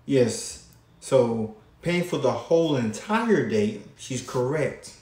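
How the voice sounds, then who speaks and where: A man hosting his own channel, giving reaction commentary in a drawn-out way with frequent pauses. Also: medium pitch, lively intonation, a little mellow, echoey room. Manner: slow, drawn-out, pausing often. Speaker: channel host.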